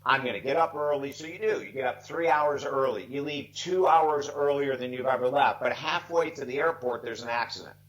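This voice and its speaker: A man's voice: mid-range voice, moderate pace, hardly any pauses, muffled recording. Earnest man in his sixties, near tears. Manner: earnest, heartfelt, emphatic. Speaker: life coach guest. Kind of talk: earnest storytelling interview.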